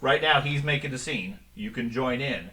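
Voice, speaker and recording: A man narrating a tabletop roleplaying game as game master, relaxed and with frequent ums and restarts. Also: medium pitch, moderate pace, distant mic, poor audio.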